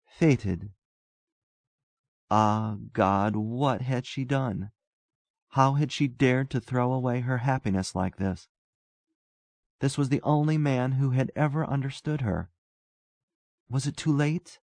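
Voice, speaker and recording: A man narrating a story aloud in measured, even storytelling. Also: mid-range voice, no echo. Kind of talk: scripted narration.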